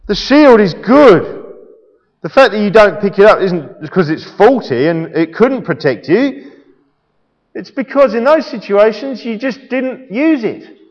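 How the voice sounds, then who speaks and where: A man's voice: high voice, sing-song, a little slow. A male preacher delivering a sermon in a playful way, quizzing the congregation, recorded in an echoey church hall with a dull sound.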